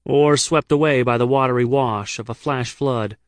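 This is first-person audiobook narration: a man from the United States tells his comic travel memoir in a dry, wry way, mic held close. Medium pitch, normal speed, and no room sound at all.

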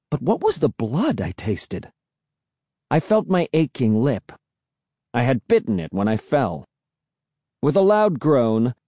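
A man reading a children's spooky novel aloud as an audiobook narrator, telling it in an expressive, dramatic way. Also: medium pitch, no room sound, clean studio sound.

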